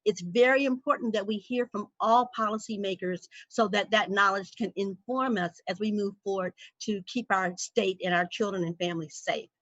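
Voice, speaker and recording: A woman hosting a virtual town hall, introducing a guest in a formal, measured way. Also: medium pitch, fairly even intonation, fairly bright tone. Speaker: host. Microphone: video call. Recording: dry, dull video call audio.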